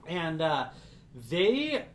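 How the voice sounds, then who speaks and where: A man's voice: fairly high pitch, big pitch swings, very slow. A man narrating a tabletop game as game master, rambling with many restarts. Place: studio room. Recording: echoey room with faint noise.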